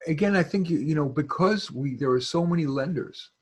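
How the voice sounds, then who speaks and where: A man's voice: a little high, expressive, brisk, breathy edge. A man from New York giving rambling advice over a video call, full of restarts and fillers. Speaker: guest expert.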